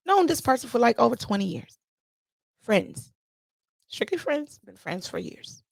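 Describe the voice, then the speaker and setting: A woman hosting a podcast, telling a story in a casual, animated monologue and repeating herself for emphasis. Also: fairly high pitch, unhurried, creaky, pauses often, dry recording, clean studio sound. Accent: playful put-on Jamaican-style lilt at times. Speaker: podcast host.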